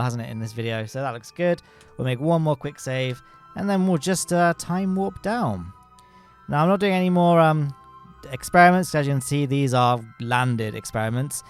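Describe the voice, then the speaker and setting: A man's voice: mid-range voice, expressive, normal speed, clean tone, soft background music. A man in his thirties giving casual, wry let's-play commentary, explaining as he plays. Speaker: gaming YouTuber.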